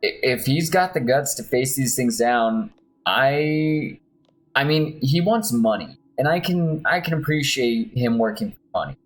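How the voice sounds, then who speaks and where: A man's voice: medium pitch, animated, measured pace, rough recording. Chatty man giving game commentary. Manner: chatty, self-deprecating, reads game text aloud. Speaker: gamer playing on stream. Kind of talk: casual gameplay commentary. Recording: faint game music behind.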